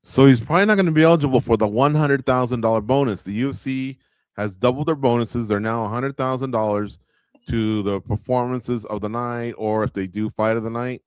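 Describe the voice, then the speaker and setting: With a clear, resonant mid-range voice and a slightly fast pace, a radio show host narrates a live fight-night watch-along. His breakdown stays loose and conversational, directed at viewers and heavy on filler words. Studio quality, no room sound.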